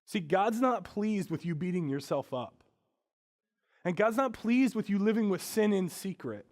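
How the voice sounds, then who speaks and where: A male pastor delivering a sermon in a conversational, everyday way. His voice sits a bit high for a man. He drops to hushed, quiet lines, then rises into emphatic, louder stretches. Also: lively intonation, unhurried. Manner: conversational preaching, swings between hushed and emphatic.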